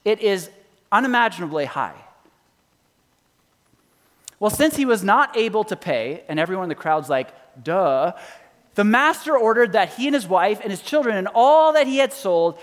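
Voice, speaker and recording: A pastor giving a sermon, retelling a parable and swinging from loud emphasis to hushed, low endings. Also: male voice. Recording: reverberant hall.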